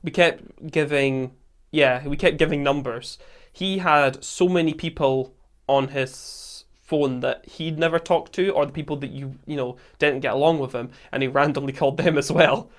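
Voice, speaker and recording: A man with a Scottish accent, hosting a podcast and telling a camping story in a casual, animated way, acting out quotes and laughing often. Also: a little high, normal speed. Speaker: podcast host.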